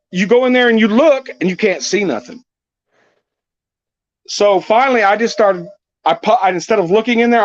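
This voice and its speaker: A man tells profane stories in a casual live chat, and his voice runs high and swings widely. The sound is dry, dull and lo-fi. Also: no echo. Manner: profane, animated storyteller. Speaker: channel host.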